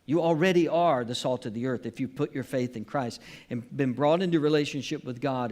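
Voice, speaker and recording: A man preaching a sermon as pastor at a church service, earnest and emphatic, repeating his key phrases. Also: a little high.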